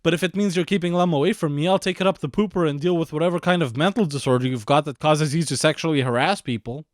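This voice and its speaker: A man voicing a horny slacker teenage boy in a parody anime recap, low and grumbling. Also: fast talker, dry recording, studio quality, close to an everyday voice. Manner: lower, flat and grumbling.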